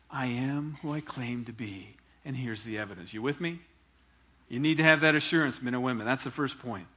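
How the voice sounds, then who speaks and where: Bright-voiced man preaching a lively sermon. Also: medium pitch. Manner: animated preaching, acts out quoted dialogue. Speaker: pastor.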